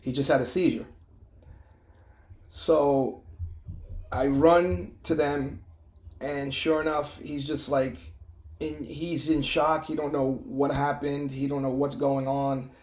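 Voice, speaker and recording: A middle-aged man sharing a personal testimony in an emotional, halting way, with many restarts and fillers. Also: on the high side, level tone, a little mellow, echoey room. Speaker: testimony vlogger.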